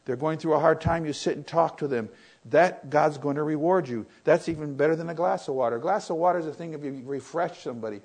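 An older man preaching a sermon, telling stories that swing from loud, excited retellings to quiet reflection. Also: quick pace, husky. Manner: storytelling, rises loud and high in excitement, drops to soft and low when reflective.

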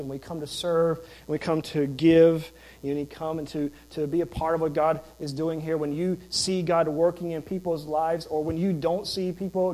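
A man's voice: fairly high pitch, a little mellow, low-quality recording. A man who is a pastor, preaching a sermon in an emphatic, conversational way with rhetorical questions.

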